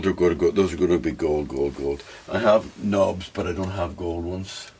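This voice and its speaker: A man with a very low voice talks casually as he works on a guitar, thinking out loud and chatting to the viewer. Faint noise and small clicks sit behind him. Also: fairly even intonation, normal speed. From Scotland. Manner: chatty, talks to himself while working, sing-song bursts. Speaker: hobby guitar builder. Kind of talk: casual workshop vlog talk.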